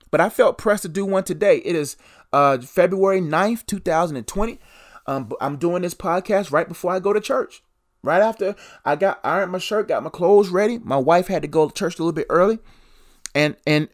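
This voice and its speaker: Animated preaching man on a podcast. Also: sits high. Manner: preachy, repeats phrases, animated emphasis. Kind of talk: solo devotional podcast teaching.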